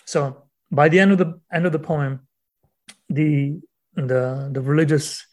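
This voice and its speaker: A man, a guest author on a podcast, explaining in a casual, animated storytelling way and acting out the voices he quotes. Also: on the high side, a little slow.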